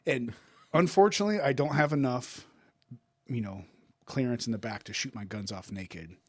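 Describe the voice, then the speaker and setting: A man's voice: mid-range voice, moderate pace, no echo, studio quality. A man hosting a podcast in casual chat, easygoing and joking along. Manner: easygoing, jokes and laughs along. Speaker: podcast host.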